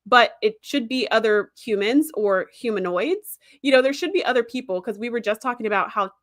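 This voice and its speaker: A woman with a fairly high voice hosts a casual fan podcast and reads out live chat comments as she goes. She talks in a chatty, enthusiastic way full of fillers and quick asides. The sound is dry and close, with no room echo. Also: animated. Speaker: podcast host.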